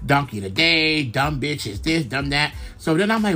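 A man's voice: a little high, lively intonation, moderate pace, creaky, hardly any pauses, sharp tone. A young man from Brooklyn, hosting a casual, rambling gossip monologue full of fillers and swearing. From Brooklyn, New York. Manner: chatty, profane, rambling with many fillers. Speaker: podcast host.

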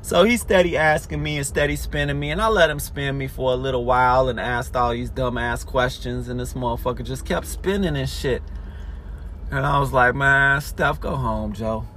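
A man telling a story in a casual, animated way, full of swearing. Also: medium pitch, a little fast, a little hiss or hum. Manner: animated, profanity-heavy storytelling.

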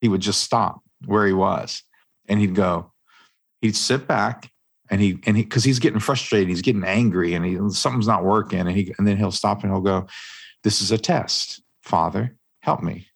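Casting: middle-aged male co-host, low gravelly voice, earnest preacherly faith talk. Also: normal speed. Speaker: podcast co-host. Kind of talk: casual faith discussion.

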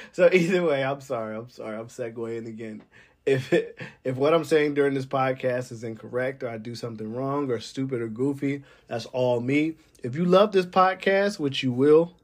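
A man hosting a solo podcast in a casual, rambling way, laughing often between phrases and getting emphatic when he makes a point. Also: medium pitch. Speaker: podcast host.

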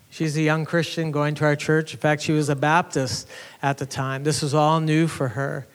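A man's voice: on the high side, little pitch movement, normal speed, clear, resonant tone. A man pastor giving a conversational teaching sermon, telling a story with earnest restarts. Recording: reverberant hall.

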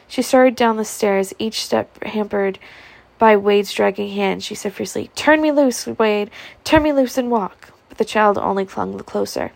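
A woman narrates a novel in a gravelly voice, reading at a steady pace with small stumbles and restarts. Her voice is close to the mic in a dry, deadened space. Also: medium pitch, no room sound. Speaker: audiobook reader.

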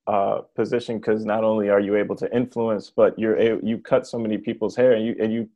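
Mellow-voiced man hosting an interview. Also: lowish voice, little pitch movement, highs cut off. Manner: halting, searching for words with many restarts. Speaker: interviewer host. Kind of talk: casual interview questions.

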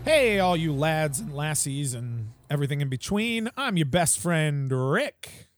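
A man's voice: on the high side, big pitch swings, a little hiss or hum. A man hosting a casual podcast, joking with friends and steering the topics. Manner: jokey, quick, leads the topics. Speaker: podcast host.

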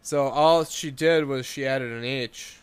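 A man's voice: mid-range voice, a little slow, smooth, no room sound. A man in casual podcast chat, telling rambling family stories and acting out the quoted voices.

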